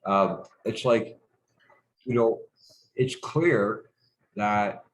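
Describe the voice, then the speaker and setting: A man's voice: lowish voice, drawn-out words, low-quality recording. A middle-aged man telling stories as a guest in a casual conversation, rambling and hesitant, stopping and restarting, with frequent swearing. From Canada.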